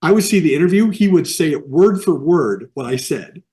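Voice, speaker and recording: A little high and warm, this middle-aged Midwesterner's voice moves at a moderate pace and stays expressive. As an animation artist guesting on a casual video-call interview, he tells rambling stories full of quoted voices.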